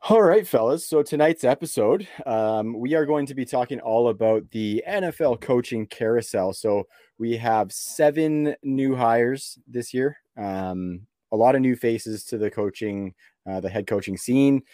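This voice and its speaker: A man's voice: medium pitch, animated, unhurried, mellow, dry recording, clean studio sound. A man from Canada hosting a sports podcast, talking in a laid-back way with lots of fillers and easy laughs. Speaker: podcast host. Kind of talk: casual sports podcast chat.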